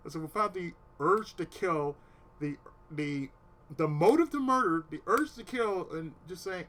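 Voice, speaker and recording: A man with a bright, slightly higher voice tells a long personal story to his live stream, swearing freely and sometimes sinking to a near whisper to quote his own thoughts. A faint steady hum sits behind him. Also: normal speed. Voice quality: swears a lot, drops to a whisper when quoting himself.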